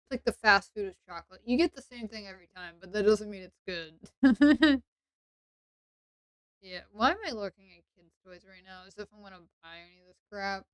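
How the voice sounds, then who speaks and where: A woman's voice: mid-range voice, smooth, no room sound, studio quality. A woman with an English accent, chatting sarcastically and playfully on a role-play stream. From England. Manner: sarcastic and playful, quick asides.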